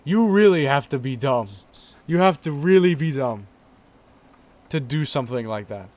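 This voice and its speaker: A man's voice: mid-range voice, lively intonation, moderate pace, a little mellow. A man in a casual vlog, ranting in exasperated disbelief, repeating himself and laughing. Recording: dull lo-fi recording.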